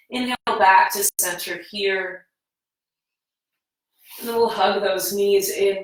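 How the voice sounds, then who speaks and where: Woman, yoga teacher, slow soothing cues, lowish voice, distant mic in echoey room. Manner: slow, calm, soothing guidance. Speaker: yoga instructor. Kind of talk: guided yoga class. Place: home room.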